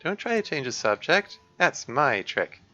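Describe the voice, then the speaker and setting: A man voicing a caring, persistent young woman who coaxes a friend and keeps gently insisting on helping. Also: fairly high pitch, sing-song, measured pace, lo-fi sound, voice pushed up, heavily acted. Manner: eager, coaxing, gently insistent.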